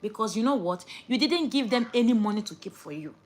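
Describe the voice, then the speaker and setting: A young woman, lecturing viewers in a casual chat to camera and swinging between loud outbursts and hushed asides. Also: on the high side, lively intonation, brisk. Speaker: vlogger.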